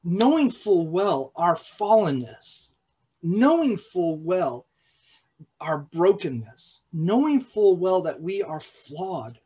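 A man preaching a sermon in a halting way, with repeated words and restarts, at times dropping to a hushed, slow voice for emphasis. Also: sits high, very animated, slightly rough, poor audio. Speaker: pastor.

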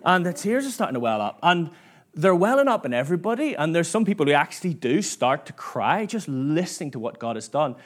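A man's voice: fairly high pitch, very animated, a little fast. A man preaching a sermon in church, chatty and self-mocking, acting out quoted voices as he tells stories.

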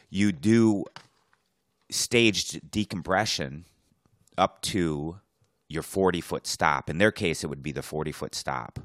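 A man's voice: rumbling low, no room sound, studio quality. A man co-hosting a podcast who trained as a commercial diver, casually explaining diving procedures. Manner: laid-back, explains diving procedures, laughs often. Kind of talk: casual chat.

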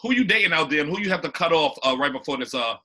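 A man's voice: on the high side, animated, very fast, bright, forceful tone. A man co-hosting a comedy podcast, riffing with crude jokes in casual banter. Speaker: podcast co-host.

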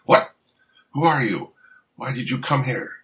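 A man putting on the stilted voice of a badly dubbed kung fu movie fighter, husky and overdone. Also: medium pitch, animated, unhurried, fairly bright tone, voice pushed up. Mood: theatrical.

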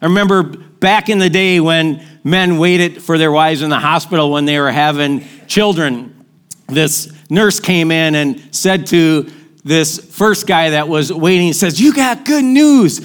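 A middle-aged male pastor, preaching an animated, joking sermon and telling stories to his congregation. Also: fairly high pitch, unhurried, clean tone. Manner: animated, joking storyteller with crowd call-outs.

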